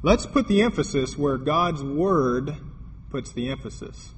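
A man's voice: a little high, lively intonation, unhurried. A man preaching a sermon, telling a story with quoted dialogue and building to emphatic points. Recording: long hall reverb, faint noise.

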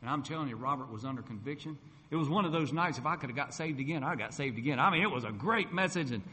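Man preaching a bright testimony. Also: mid-range voice, quick pace. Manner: lively storyteller who acts out dialogue. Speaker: preacher sharing his testimony. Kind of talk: testimony sermon storytelling. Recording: long hall reverb.

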